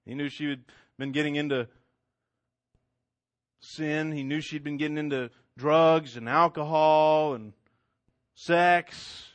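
A man's voice: a little high, fairly bright tone, no echo. A man telling a story in a casual, conversational way, with asides to the listener. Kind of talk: oral storytelling.

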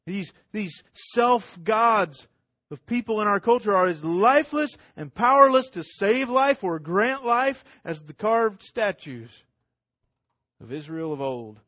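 A middle-aged man preaching a sermon as pastor, swinging between loud emphatic lines and hushed ones, with much repetition. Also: high voice, animated, slow, no echo.

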